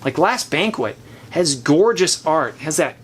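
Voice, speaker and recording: A man's voice: on the high side, expressive, unhurried, fairly bright tone, slight background noise. A man hosting a casual chat, giving opinionated, chatty takes while thinking aloud. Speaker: host. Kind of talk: casual chat reviewing board games.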